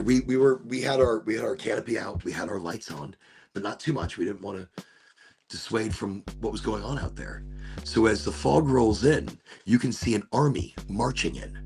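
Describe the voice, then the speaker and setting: A man hosting a podcast, telling a story in a casual, animated way, swearing and repeating words as he goes. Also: lowish voice, creaky. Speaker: podcast host.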